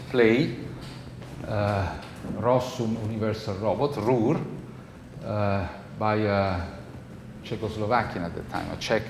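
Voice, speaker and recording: A male university professor with an Italian accent giving a classroom lecture, conversational and checking in with the class often. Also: on the low side. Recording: echoey lecture hall, faint noise.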